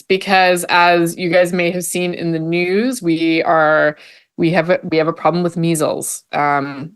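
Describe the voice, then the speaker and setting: Woman with a lowish voice: political panelist, dry wit, quick analysis. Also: fairly bright tone. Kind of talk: casual panel chat.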